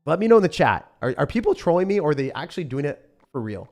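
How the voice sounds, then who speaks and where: A young man streaming a game live, reacting loudly and then mumbling low as he talks through decks. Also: quick pace. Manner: excitable, swings from shouting to low mumbling. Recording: faint music behind.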